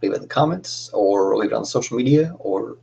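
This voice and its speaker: A man's voice: medium pitch, expressive, fairly quick, vocal fry, dark tone, breathy edge. A young man hosting a casual cosplay livestream, chatting in a rambling, friendly way with lots of fillers and restarts.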